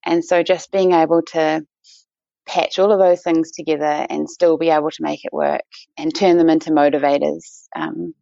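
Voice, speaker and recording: A woman's voice: sits low, little pitch movement, moderate pace, gravelly, mellow, no echo. A woman with a New Zealand accent, a guest in a casual interview, chatty with many fillers and restarts. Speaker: guest, endurance runner. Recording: dull lo-fi dry sound.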